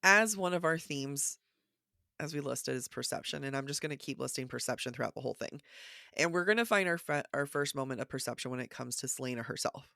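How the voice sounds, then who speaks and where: A woman co-hosting a book podcast in casual chat, her voice raspy from just waking, animatedly quoting passages and thinking aloud. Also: extremely low pitch, lively intonation, fast talker, sharp tone, no echo, clean studio sound. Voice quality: raspy morning voice. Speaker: podcast co-host. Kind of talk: casual literary discussion.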